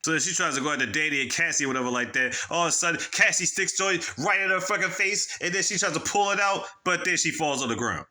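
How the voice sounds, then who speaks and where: Talking fast with few pauses, a movie reviewer with a fairly high pitch, lively intonation, and sharp tone gives a casual spoiler recap. He rambles profanely through a horror movie's plot, acting out how the characters respond.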